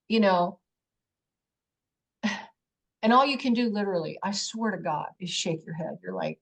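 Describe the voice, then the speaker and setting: A woman's voice: mid-range voice, unhurried, vocal fry, long pauses. A middle-aged woman giving a personal testimony in an interview, telling her story with animation and acting out her own exclamations. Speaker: guest.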